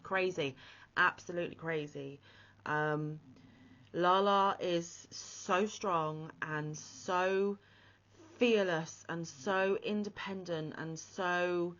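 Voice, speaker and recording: A woman hosts her crochet channel in a casual, gushing way, full of heartfelt emotion. Her voice sits a little low. The audio is slightly dull and lo-fi. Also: fairly even intonation, slow, a bit bright. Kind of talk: casual vlog shout-out.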